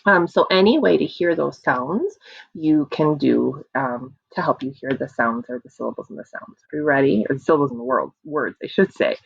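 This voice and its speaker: A young woman leads little children through an online phonics lesson, slow and encouraging in a sing-song way. Her voice has a slight gravelly edge. The sound is dry and a little dull, like a basic computer mic. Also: low-pitched, animated, dry recording. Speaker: kindergarten teacher.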